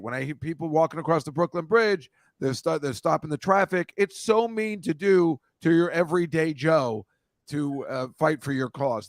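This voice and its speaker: Host, male, gravelly and a bit high, dry close sound, rambling and profane. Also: fairly bright tone, dry recording. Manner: rambling, profane, riffing on photos. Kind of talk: casual chat.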